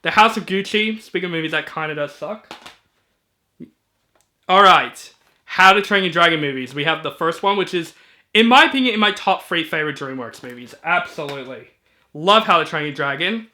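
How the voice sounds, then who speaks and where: A man reviewing movies in a casual video, chatty and enthusiastic, with filler ums and quick asides. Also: high-pitched, pushed and bright. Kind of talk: casual collection walkthrough.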